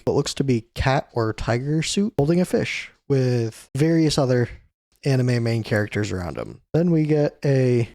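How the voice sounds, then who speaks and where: A man's voice: mid-range voice, a little mellow, no room sound, studio quality. A young man hosting a manga chapter review, recapping in a loose, chatty way with fillers and self-corrections. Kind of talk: casual spoken chapter recap.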